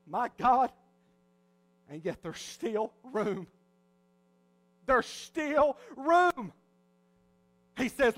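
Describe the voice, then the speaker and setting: A male pastor preaching a sermon, swinging between soft, low passages and loud, rising ones. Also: animated, takes it slowly, long pauses.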